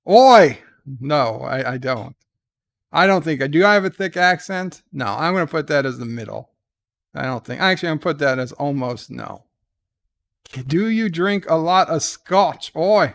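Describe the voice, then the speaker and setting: Gravelly guy at home doing a quiz, slow and dry, reads questions up and mumbles answers low. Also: no echo. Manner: dry, deadpan self-deprecating humor. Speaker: show host. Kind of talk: casual chat, reading quiz questions aloud.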